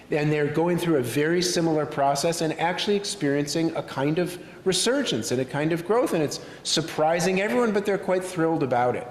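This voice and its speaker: A male rabbi speaking to a congregation in a synagogue sanctuary. He tells stories thoughtfully, with frequent pauses. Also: on the high side. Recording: echoey hall with faint room noise.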